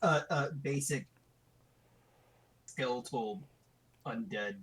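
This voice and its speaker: A man's voice: medium pitch, slow pace, a bit bright. A man player in a casual tabletop game, speaking hesitantly with many restarts.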